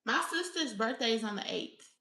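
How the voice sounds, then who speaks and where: A woman's voice: on the high side, lively intonation, moderate pace, pushed and bright, roomy sound, recorded from a distance. A woman in her thirties from Alabama with a Southern accent and a youthful-sounding voice, rambling through casual stories to her viewers. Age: 30s. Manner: chatty, rambling storytelling. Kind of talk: casual vlog chat.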